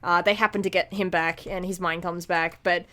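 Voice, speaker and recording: A woman's voice: fairly low pitch, fairly even intonation, fairly bright tone. Rambling, chatty woman podcaster. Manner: rambling, filler-heavy retelling with quick acted quotes. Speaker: podcast co-host. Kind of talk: casual chat.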